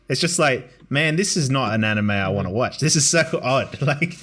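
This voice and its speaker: A man's voice: medium pitch, expressive, normal speed, fairly bright tone, husky. A man hosting a podcast in casual chat, chatty and laughing often. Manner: chatty, laughs often, does playful voices. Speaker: podcast host.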